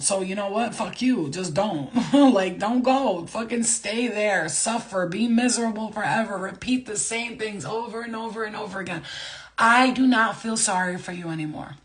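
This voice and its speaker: A woman's voice: medium pitch, normal speed. Woman, spiritual vlogger, unscripted rant: swears constantly, heated and emphatic, loose casual delivery. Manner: loose, casual phrasing with many fillers.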